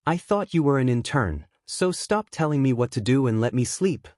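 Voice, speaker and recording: A man voicing a sleepy, gruff adult male teacher in a storybook reading, with a drowsy, curt manner. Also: mid-range voice, lively intonation, moderate pace, darkish tone, no echo, studio quality, lightly acted.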